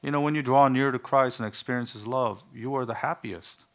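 A man's voice: medium pitch, fairly quick. A male pastor preaching a sermon in an earnest, emphatic way, with some humorous asides.

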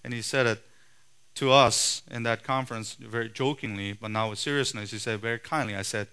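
A man preaching a sermon in a forceful, emphatic way, his voice swelling loud and then dropping low. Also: steady tone, brisk, smooth. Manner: forceful, emphatic preaching with sharp rises and drops in loudness.

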